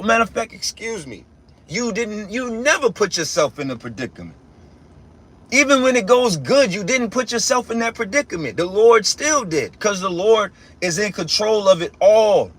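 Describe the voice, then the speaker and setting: A man's voice: high voice, a bit bright, breathy edge. A young man giving a casual spiritual rant as a religious teacher, emphatic and profane, repeating himself and restarting often.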